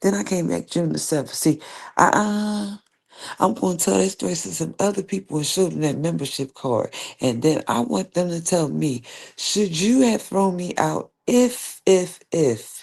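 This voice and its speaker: A woman's voice: on the low side, normal speed, vocal fry, darkish tone, breathy edge. A woman hosting a livestream, speaking straight to an absent opponent in a confrontational, rambling rant that repeats itself. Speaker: livestream host. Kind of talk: direct-address livestream rant.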